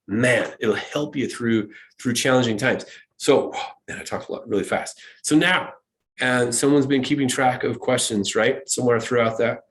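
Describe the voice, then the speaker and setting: Lively man giving a motivational talk. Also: medium pitch. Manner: lively, acts out quoted voices, laughs. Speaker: presenter. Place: school event.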